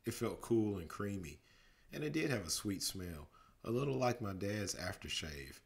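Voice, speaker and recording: A dad reads a children's storybook at bedtime in a deep, low voice with vocal fry. He narrates steadily at normal speed and slips into character voices as he goes.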